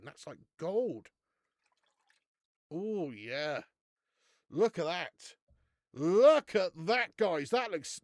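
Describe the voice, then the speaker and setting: A man's voice: high voice, dry recording, clean studio sound. A man hosting a live beer-review stream, chatting casually, laughing often and calling his viewers mate.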